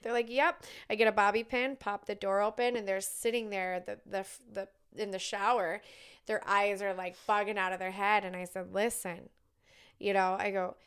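A middle-aged woman co-hosting a podcast, telling a story in casual chat, lively and acting out the people she quotes. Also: medium pitch, normal speed, clean tone. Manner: animated storyteller, acts out quotes, swears casually. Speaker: podcast co-host.

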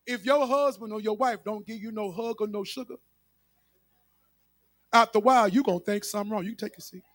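A man's voice: high voice, fairly quick, fairly bright tone, no echo. A male pastor preaching a sermon with emphatic repetition, speaking straight to his congregation.

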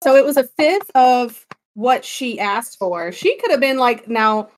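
A woman co-hosting a podcast, chatting casually and telling a story with animated, giggly energy. Her voice is fairly high and swoops all over as she talks. She directs her partner with playful bossiness. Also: a little slow. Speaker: podcast co-host. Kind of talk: casual chat.

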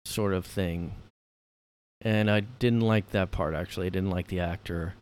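A man with a fairly low voice hosts a solo podcast from his room. He rambles in a casual, sarcastic way, piling on fillers and the occasional swear. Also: fairly even intonation, a little slow, clean tone. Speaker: podcast host.

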